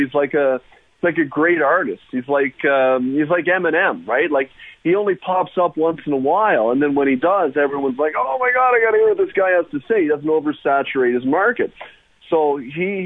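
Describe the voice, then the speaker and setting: A man's voice: fairly high pitch, no room sound. A man calling in as a guest on a sports radio show, talking hockey in a rambling, enthusiastic way. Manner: rambling, enthusiastic, restarts often. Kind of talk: casual sports radio chat. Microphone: phone. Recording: tinny phone line.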